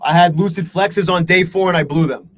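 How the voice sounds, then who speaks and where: A fairly high-voiced man streams his day trading live and talks straight to his viewers. He is frustrated and self-deprecating, swearing freely. Faint background noise runs under his voice. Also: brisk, poor audio. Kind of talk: live stream talking to chat.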